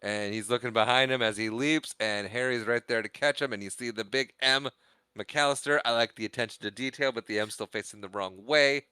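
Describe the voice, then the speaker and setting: A man's voice: medium pitch, a little fast, clean tone, no echo. A young man co-hosting a podcast, retelling a movie scene in casual chat, acting out the characters' lines and laughing often. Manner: animated retelling, acts out quotes, laughs often. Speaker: podcast co-host.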